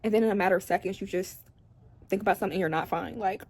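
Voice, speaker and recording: Rapid-fire speech in a medium-pitched, darkish voice marks this young woman's emotional chat to camera. A vlogger at home indoors, she rambles and confides in her viewers, crying on and off.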